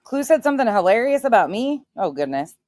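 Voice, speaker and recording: A woman's voice: a little high, sing-song, brisk, darkish tone, dry recording, clean studio sound. Blunt, profane woman in her forties. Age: 40s. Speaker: livestream host. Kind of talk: casual livestream chat greeting viewers.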